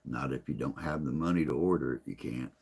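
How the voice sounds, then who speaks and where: A man with a very deep voice and plenty of gravelly fry hosts a live stream. He chats casually in a rambling, folksy way, sounding a bit tired and under the weather. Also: fairly quick, darkish tone. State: tired and unwell.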